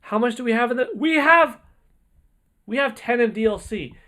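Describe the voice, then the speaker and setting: Excitable male streamer with lively pitch. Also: normal speed. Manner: excitable, exclaiming, rambling. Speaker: livestream host. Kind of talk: casual livestream chat, reading donations.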